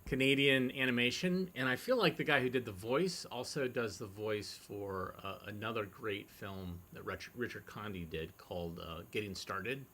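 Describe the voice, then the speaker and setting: A male host chatting casually between films with a bright tone. He rambles loosely, with many fillers. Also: lowish voice, moderate pace, hardly any pauses, slight background noise. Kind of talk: casual livestream commentary.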